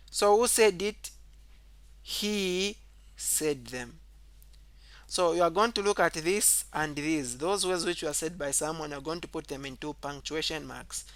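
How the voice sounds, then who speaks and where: A man teaching a grammar lesson, explaining step by step, repeating key points and saying "okay" often, and reading example sentences aloud with extra emphasis. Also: dry recording. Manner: reads example sentences aloud louder and higher.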